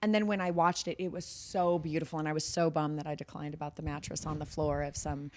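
A woman's voice: deep voice, level tone, fast talker, slight background noise. A woman, an actress guest, chatting easily and telling a story. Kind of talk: casual chat.

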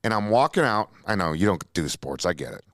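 A man's voice: deep voice, a little fast, dry recording, studio quality. A man from Minnesota hosting a podcast, telling a long story in a casual, profane way, and jumping into quotes he acts out. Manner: animated, profane, jumps into acted-out quotes. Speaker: podcast host.

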